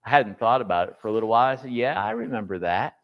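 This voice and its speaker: A man's voice: lowish voice, fast, highs cut off. A middle-aged man who directs a boys home, telling a folksy story to a church class and quoting the people in it. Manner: folksy anecdotal storytelling, quotes others in lively bursts.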